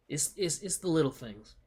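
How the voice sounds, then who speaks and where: Young male streamer, husky voice, slangy laid-back rambling chat. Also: mid-range voice. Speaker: livestreamer. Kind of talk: casual livestream chat.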